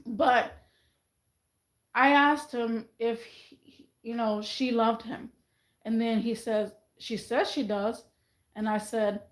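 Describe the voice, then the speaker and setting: A woman vlogging in a casual, rambling monologue, chatty and animated, often mimicking other people's voices. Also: a little high, takes it slowly, reverberant, poor audio.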